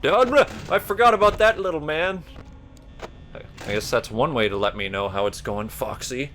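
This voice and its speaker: A man doing casual gameplay commentary, rambling and jokey, a bit burpy as he talks, jumping to loud high yelps when startled. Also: expressive, moderate pace, slight background noise. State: burpy while talking. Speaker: let's player.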